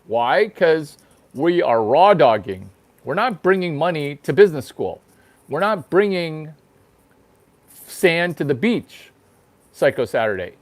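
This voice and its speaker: A man hosting his own show, delivering a crude, rambling comedic monologue that repeats itself. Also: on the high side. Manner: crude, provocative, repeats himself. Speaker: host. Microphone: single microphone, no sound effects.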